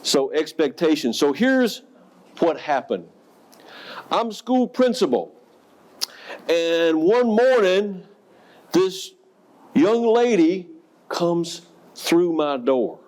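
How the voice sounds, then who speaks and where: A man who was a school principal, giving a professional development talk to educators and telling stories with audience questions. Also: fairly high pitch. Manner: storytelling, animated, asks the audience questions.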